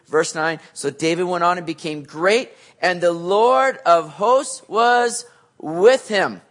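A male pastor preaching a sermon in a casual, animated, slangy way, swinging between loud and soft. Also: fairly high pitch.

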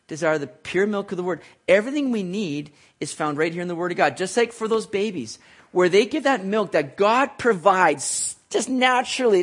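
A man delivers a sermon in a relaxed, conversational way. His voice sits high for a man, and he drops in little jokes and asides to people in the room as he teaches. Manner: conversational, jokes with listeners, writes on a board. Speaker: preacher.

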